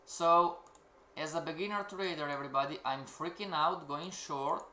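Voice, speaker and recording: A man delivers a live-streamed trading lesson in slow, deliberate English that is not his first language. His voice is bright and fairly high, and he peppers the class with rhetorical questions. The room is echoey, with faint keyboard typing behind him. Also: slight background noise. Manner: asks rhetorical questions, keeps calling out "everybody". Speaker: trading course instructor.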